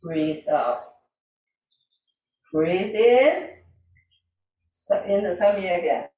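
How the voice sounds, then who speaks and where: A woman teaching a tai chi class, calmly repeating breathing cues in simple, broken grammar. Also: lowish voice, extremely slow, dull audio. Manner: calm, repetitive breathing cues, simple non-native grammar. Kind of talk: guiding an exercise class. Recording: echoey room, voice from a distance.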